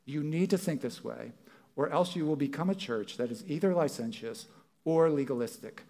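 A man's voice: on the high side, moderate pace, dark tone. A male pastor preaching a sermon in a church, talking conversationally and acting out what people might say. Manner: conversational, acts out quoted voices.

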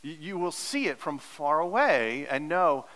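A man's voice: on the high side, very animated, unhurried, fairly bright tone, in a large hall, poor audio. A male pastor preaching a sermon in an earnest, teacherly way, leaning hard on repeated words for emphasis.

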